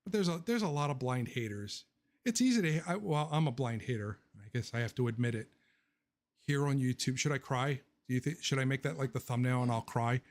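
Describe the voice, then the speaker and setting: A man's voice: mid-range voice, fairly quick. Rambling, joking male livestream host. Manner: rambling and joking, laughs often; blunt and opinionated. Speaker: livestream host answering viewer questions. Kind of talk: casual livestream Q&A chat.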